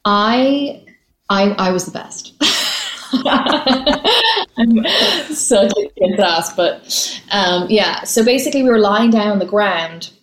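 A woman, an actress being interviewed, chatting casually and telling stories quickly with easy laughs. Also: mid-range voice, echoey room, slight background noise, low-quality recording. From Ireland. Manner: chatty, laughs easily, fast storytelling.

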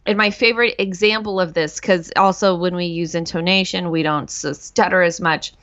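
A woman's voice: fairly low pitch, steady tone, moderate pace, a bit bright, highs cut off. A woman who stutters, speaking in a casual interview and catching on the starts of words, with many fillers. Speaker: guest speaker on stuttering and dyslexia.

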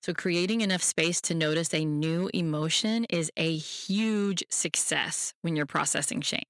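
A podcast host who gives a self-help talk in a gentle, reassuring way and speaks straight to the listener. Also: medium pitch, unhurried, dry recording, studio quality.

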